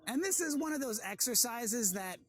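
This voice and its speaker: A man working as a dog trainer, patiently explaining steps and giving quick cues to a student. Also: extremely high pitch, lively intonation. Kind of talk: coaching a training session.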